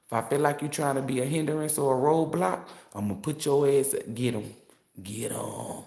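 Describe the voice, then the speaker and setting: A man's voice: medium pitch, normal speed, a little mellow. A man in a roomy, echoing space, talking in a brash, cussing manner. He reads tarot on a casual stream and laughs a lot as he rants. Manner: brash, profane, laughing often. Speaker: tarot reader. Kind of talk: casual livestream rant. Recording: roomy echo.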